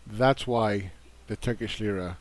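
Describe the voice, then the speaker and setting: A man's voice: on the low side, a little slow. A man giving a combative, casual market commentary, dismissing opposing views and repeating words for emphasis. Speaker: investing commentator.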